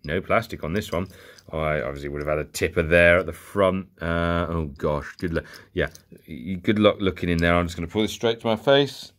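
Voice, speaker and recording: Low-pitched and fairly bright, this young vlogger talks fairly quickly. He goes jokily through a bag of old toy cars, rambling and muttering asides as he unboxes them for his collecting channel.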